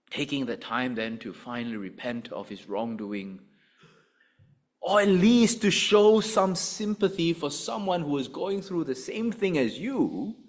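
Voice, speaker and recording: A man preaching a sermon, addressing his listeners directly with an animated delivery. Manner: animated preaching, rising and dropping in pitch and volume.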